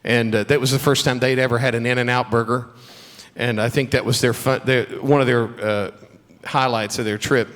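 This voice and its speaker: A man's voice: medium pitch, flat delivery, moderate pace. A middle-aged man with a Southern accent giving a chapel talk to students, telling stories with humor and encouragement. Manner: warm storytelling with humor and faith encouragement. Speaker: guest speaker at a school chapel. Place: school chapel. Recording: long hall reverb.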